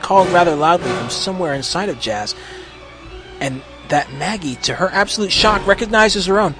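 A man reads a story aloud with an expressive, steady delivery, his voice sitting a little high. Faint music plays quietly underneath. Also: a little fast. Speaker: narrator. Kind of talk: storybook reading of fan fiction.

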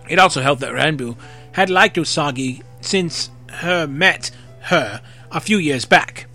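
Guy reading fanfic out loud, bright voice, pitch all over, faint music behind. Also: a little slow. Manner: expressive, occasional slips and rereads. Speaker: narrator. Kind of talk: reading fan fiction aloud.

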